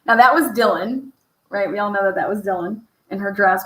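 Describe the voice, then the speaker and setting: A woman's voice: medium pitch, a little fast, reverberant, a little hiss or hum, low-quality recording. A woman giving casual true crime commentary over case footage. She swears freely and fires off pointed rhetorical questions. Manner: profane, rhetorical, asks many pointed questions.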